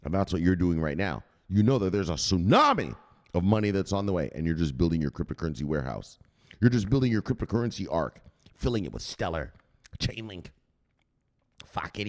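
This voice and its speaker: A man hosting his own channel, ranting in hyped, profane vlog commentary and punctuating points with shouted exclamations. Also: sits low, animated, brisk. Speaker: crypto channel host.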